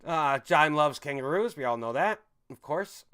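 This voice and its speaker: A man's voice: fairly high pitch, animated, moderate pace, a bit bright, a little hiss or hum. Rambling, swearing man on a livestream. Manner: rambling, swears freely, laughs often. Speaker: livestream host reading viewer chat. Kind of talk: casual rambling livestream chat. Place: home in a city.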